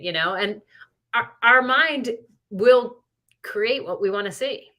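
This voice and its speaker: Speaking slowly in a higher-pitched, bright, forceful voice, a middle-aged woman co-hosts a podcast. Her casual storytelling meanders, full of likes and you-knows.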